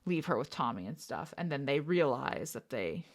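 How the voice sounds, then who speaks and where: A woman's voice: very deep voice, very animated, normal speed. A young woman co-hosting a podcast, thinking aloud in casual chat with fillers and restarts. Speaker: podcast co-host.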